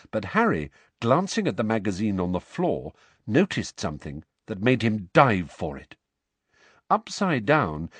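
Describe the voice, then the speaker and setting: A man narrating a storybook, expressive and shifting voices for the characters. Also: medium pitch, breathy edge, no echo. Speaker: audiobook narrator.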